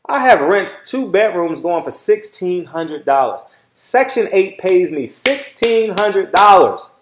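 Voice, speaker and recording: Slowly and in a high, sing-song voice, a middle-aged channel host with a Southern Californian accent lectures his viewers, swearing freely and repeating "all right?" over and over. It's a casual monologue, recorded with heavy reverb and a noisy background.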